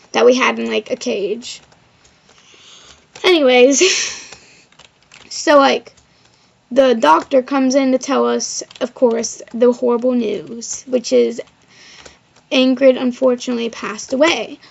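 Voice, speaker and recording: A female vlogger with a high voice and vocal fry tells a personal story in a rambling, casual way, packing her speech with "like" and "of course." The lo-fi recording sounds slightly dull.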